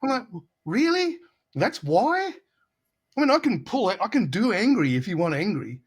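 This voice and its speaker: A man's voice: high voice, very animated, quick pace, breathy edge. A middle-aged man from Australia, a guitarist telling casual studio anecdotes in an interview, acting out the voices of people he quotes. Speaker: guest guitarist.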